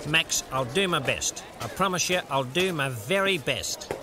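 A man with an Australian accent playing a prim middle-aged TV cricket commentator in a comedy sketch, clipped and measured, polite to people's faces but rude under his breath. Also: a little high, lively intonation. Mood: weary.

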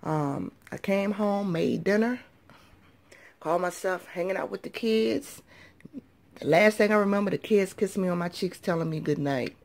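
A woman's voice: medium pitch, normal speed, a little mellow. A woman with a groggy early-morning voice, chatting to viewers in a casual haul vlog as a couponing vlogger and parent of young children. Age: adult parent of young children. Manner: chatty, addresses viewers as y'all and subbies.

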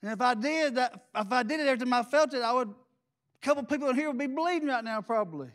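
Man, pastor, very high voice, intense folksy sermon, church. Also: expressive, fast talker, a bit bright.

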